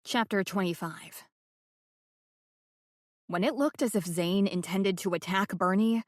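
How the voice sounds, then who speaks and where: A woman reading a cozy mystery novel aloud as an audiobook narrator, in a scripted narration style that raises her voice for shouted dialogue. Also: mid-range voice, no room sound, studio quality. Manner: reads dialogue with rising, shouted emphasis.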